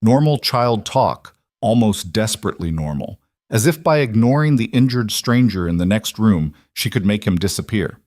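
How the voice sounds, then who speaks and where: Brief: male audiobook narrator, lowish voice, steady storytelling, dry close sound. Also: moderate pace, dry recording.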